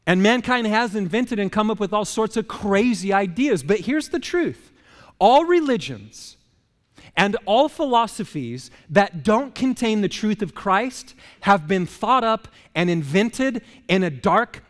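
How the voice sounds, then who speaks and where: A high-voiced man leads a relaxed, humorous sermon in a church sanctuary with the sound of a large hall. Rhetorical questions come at his listeners one after another.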